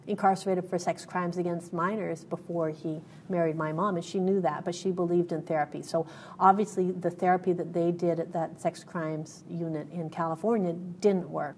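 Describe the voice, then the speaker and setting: A woman's voice: fairly low pitch, darkish tone, slight background noise. A woman guest in an interview, telling a personal story in an earnest way, with many fillers and restarts.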